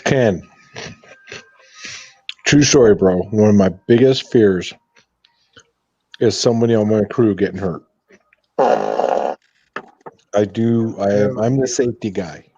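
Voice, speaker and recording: A man's voice: fairly low pitch, unhurried, pauses often, dark tone, breathy edge, no room sound, faint music behind. A man who leads a work crew, speaking earnestly about keeping his people safe. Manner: earnest, emphatic about safety. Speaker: crew leader. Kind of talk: casual chat. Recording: dull lo-fi audio.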